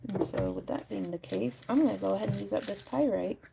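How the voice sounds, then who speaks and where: A woman's voice: mid-range voice, fairly quick, vocal fry, very noisy. A woman hosting a crafting livestream from her craft room, chatting casually and thinking aloud with lots of fillers as she works. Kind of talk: casual chat while crafting.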